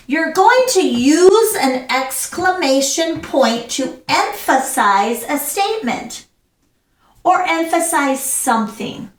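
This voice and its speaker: Slow, sing-song woman teacher. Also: high voice, fairly bright tone, roomy sound, far from the mic. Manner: sing-song, exaggerated emphasis with pauses and sighs. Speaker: English teacher. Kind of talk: slow, deliberate classroom lesson for learners.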